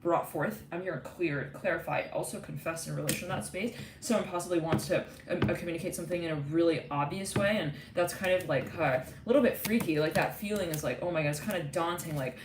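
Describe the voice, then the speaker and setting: A woman with a slightly low voice gives a live tarot reading, chatty and intuitive, with lots of fillers. She sits back from the mic in an echoey room. A loud hiss of noise runs underneath. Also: quick pace, hardly any pauses, distant mic. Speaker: tarot reader.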